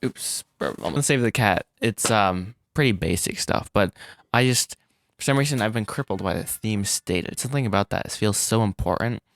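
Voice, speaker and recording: A man vlogging about making his animated film, rambling and self-deprecating, with frequent restarts and little laughs. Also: lowish voice, normal speed. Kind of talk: casual solo vlog.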